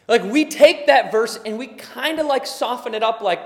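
A man preaching a sermon as pastor, impassioned and building to emphatic, forceful delivery. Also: very high-pitched, big pitch swings, unhurried, few pauses, in a large hall.

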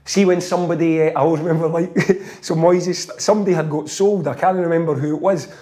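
A man with a Scottish accent, a former footballer telling animated stories in a casual chat, laughing often. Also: fairly high pitch, fairly quick.

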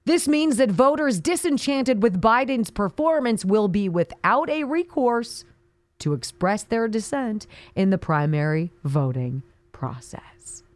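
A woman's voice: fairly high pitch, animated, unhurried, darkish tone, no room sound. A woman hosting a talk radio show, delivering an indignant, sarcastic monologue with mocking asides.

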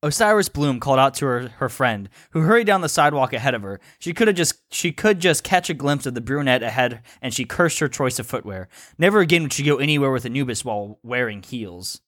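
A man's voice: mid-range voice, lively intonation, fairly quick, hardly any pauses, fairly bright tone, no echo, studio quality. Giggly man reading a story aloud. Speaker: host reading fan fiction. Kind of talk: read-aloud comedic narration.

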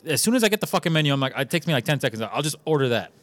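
Fast-talking young man, swearing. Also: a little high. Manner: swears a lot, animated storytelling. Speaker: podcast co-host. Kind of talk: casual chat.

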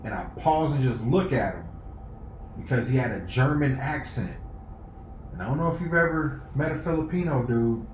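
A man telling a story in loose, profane podcast chat, jumping into loud voices for what people said. The room is echoey. A faint hiss sits under him. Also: medium pitch, normal speed. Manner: animated, profane, acts out quoted lines loudly. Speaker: podcast co-host. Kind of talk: casual group chat, storytelling.

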